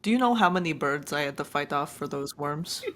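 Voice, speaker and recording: A woman playing an aggrieved young man who complains, in a deadpan way, about being abandoned by his sibling. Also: low-pitched, a little fast. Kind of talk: tabletop game role-play.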